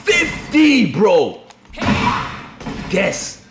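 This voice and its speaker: A man rants about a fighting game with a high voice that leaps all over the place. He drops from low grumbling into shouted, profane outbursts. The room around him sounds echoey, with a faint hum of ambience behind him. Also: huge pitch swings, extremely slow. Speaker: fighting game content creator. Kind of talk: profane gaming commentary rant.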